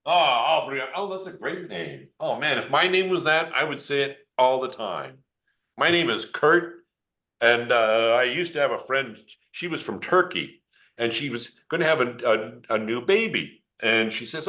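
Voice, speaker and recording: A man's voice: mid-range voice, expressive, normal speed, sharp tone. A man with an ordinary mid-range voice shows an electron microscope live. He jokes as he goes and keeps it light for a young volunteer. His voice comes through a computer mic on a video call. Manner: playful, joking, talks to a child. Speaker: geologist demonstrating an electron microscope. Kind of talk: informal live demonstration over video call.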